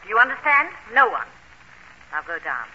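Grace Poole, cold tower guardian. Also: female voice, on the high side, very animated, fast, sharp tone, exaggerated voice. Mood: threatening. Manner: cold, curt, warning. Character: stern, secretive woman servant guarding a tower. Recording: dull old radio recording.

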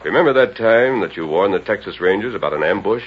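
A steady, commanding western hero in a vintage radio play. His voice is very deep and husky, and his measured talk comes through a dull, lo-fi broadcast sound. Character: calm, commanding masked Texas lawman hero. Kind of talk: 1930s radio drama acting.

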